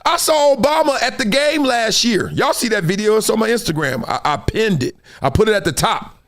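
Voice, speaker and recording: Middle-aged male host, high lively voice, animated storyteller. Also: fairly quick. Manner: animated storytelling, laughing, acts out quotes. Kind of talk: live-stream sports talk.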